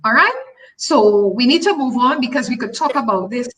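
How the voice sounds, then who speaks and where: A woman's voice: a little high, normal speed, rough recording. Emphatic Tobagonian woman telling her story. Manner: emphatic, repeats phrases, animated storytelling. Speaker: guest. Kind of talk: personal story in a talk show interview.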